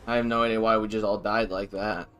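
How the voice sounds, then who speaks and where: A man's voice: fairly low pitch, little pitch movement, quick pace, a bit bright, soft background music. A young man streaming a game live, talking casually with swearing and exasperated questions. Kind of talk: live gameplay commentary.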